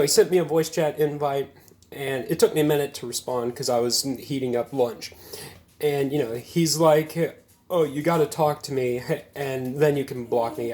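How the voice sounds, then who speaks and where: A man's voice: medium pitch, darkish tone. A man in his twenties casually telling a story to camera, rambling and self-amused, with lots of fillers. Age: 20s. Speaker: gaming video creator.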